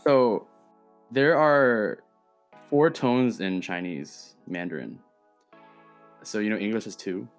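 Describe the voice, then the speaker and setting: A relaxed American man with a lowish voice chats casually as a podcast co-host over a call. He laughs easily and stumbles over the first words of a thought. Faint music sits underneath. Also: slow pace, long pauses. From United States. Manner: relaxed, laughs often, repeats words when starting. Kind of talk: casual chat. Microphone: remote call.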